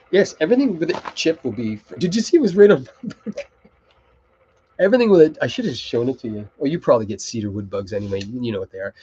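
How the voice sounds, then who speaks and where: A man's voice: mid-range voice, a little mellow, husky, highs cut off. A middle-aged man hosting a live web show, rambling and swearing casually as he talks. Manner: rambling, swears, easily distracted.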